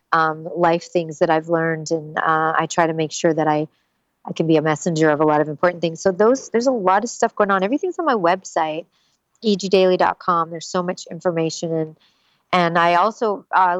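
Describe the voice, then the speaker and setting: A woman's voice: fairly low pitch, no room sound, lo-fi sound. A woman voice actor chatting candidly as an interview guest, earnest and a little rambling. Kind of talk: casual interview chat.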